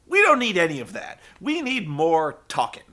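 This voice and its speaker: A man's voice: high voice, normal speed. A man recapping a show in a sarcastic, profane comedic style, acting out the people in it. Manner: sarcastic, swearing, animated storytelling.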